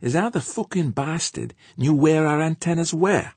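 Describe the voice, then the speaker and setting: A man's voice: on the high side, lively intonation, moderate pace, a little mellow, slightly rough, no echo, voice pushed up. A man voicing a weary, profane male spacer who swears bluntly and insists on his point, read as an audiobook character. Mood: agitated.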